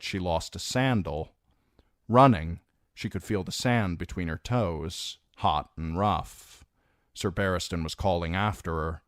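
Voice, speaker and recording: Male narrator for a fantasy audiobook: deep, unhurried, dramatic delivery, dry close sound. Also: no room sound. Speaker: audiobook reader.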